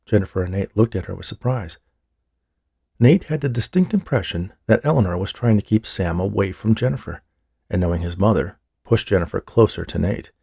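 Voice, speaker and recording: A man narrating an audiobook in a steady, even storytelling manner. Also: fairly low pitch, brisk, creaky, slightly rough, dry recording, studio quality. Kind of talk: scripted narration.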